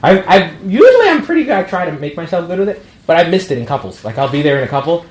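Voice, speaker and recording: A man's voice: fairly high pitch, very animated, fast talker. A male priest giving a casual, humorous talk to a young adult group, acting out bits of dialogue as he goes. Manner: conversational and humorous, acts out quoted dialogue. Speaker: priest leading a young adult ministry meeting. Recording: echoey room with faint background noise.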